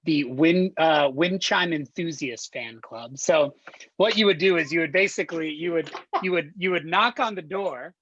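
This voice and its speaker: A man, a podcast guest, telling a rambling story about door-to-door selling and slipping into a salesman's pitch. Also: normal speed, fairly bright tone, muffled recording. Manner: rambling, repeats words, slips into a salesman voice. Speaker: podcast guest, former door-to-door book seller. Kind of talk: animated anecdote with reenacted sales pitch.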